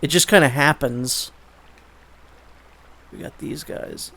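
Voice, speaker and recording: A man with a somewhat high, fairly bright voice and lively intonation gives unhurried let's play commentary, leaving long pauses. He rambles chattily, frequently restarting his sentences and swearing now and then.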